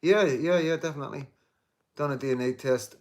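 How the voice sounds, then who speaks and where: Reading viewer comments on a casual live stream, a fifties-aged man jokes and swears with his audience. His voice is slightly high with a darkish tone, and he speaks fairly quickly. His delivery is emphatic, full of repeats, restarts, and frequent "you know"s.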